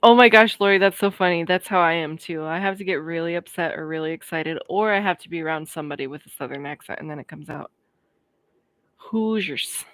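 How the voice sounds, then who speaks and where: A woman's voice: lowish voice, no echo. A woman in her thirties from Colorado, chatting casually on a livestream and answering viewers' comments. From Colorado, USA. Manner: chatty, friendly, quick to laugh. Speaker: livestream host. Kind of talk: casual chat reading live comments.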